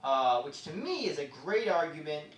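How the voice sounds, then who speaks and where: A man performing a stand-up comedy set on a club stage, with quick asides as he moves between jokes. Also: a little high, slight background noise. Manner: lively, joke-driven, quick asides. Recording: echoey club from far off.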